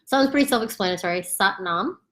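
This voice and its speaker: A woman at home walks beginners through a meditation chant, talking casually and demonstrating each sound herself. She is chatty and laughs easily, in a relaxed, unscripted way. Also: medium pitch, brisk. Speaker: yoga instructor. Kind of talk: casual instructional talk.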